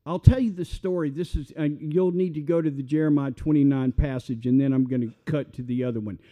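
A man's voice: fairly high pitch, steady tone, fairly quick, warm tone. A man with a Southern US accent, preaching a sermon in a folksy, conversational way with asides. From Mississippi. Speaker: pastor.

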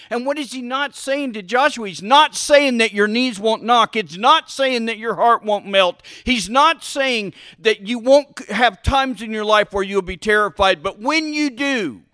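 Slow, bright-voiced male preacher. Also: sits high, no room sound, studio quality. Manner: asks the listeners questions and answers them himself; emphatic, repeats key phrases. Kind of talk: sermon with Bible reading.

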